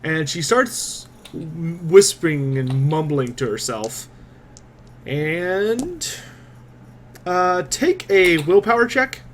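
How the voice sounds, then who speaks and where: A man narrating a tabletop game as game master, quick and descriptive, with frequent fillers. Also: a little high, expressive, a bit bright, a little hiss or hum.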